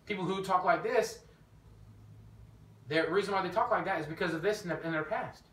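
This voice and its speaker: Animated preacher man, bright echoey voice. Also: fairly quick. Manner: animated, storytelling, rises in pitch when emphatic. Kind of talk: informal teaching sermon. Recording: echoey room, mic at a distance, faint background noise.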